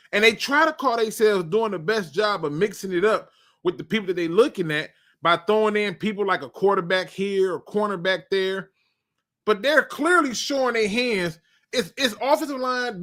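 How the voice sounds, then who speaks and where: A man hosting a live football draft stream, talking in a joking, animated, colloquial way. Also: high-pitched. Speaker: sports show host.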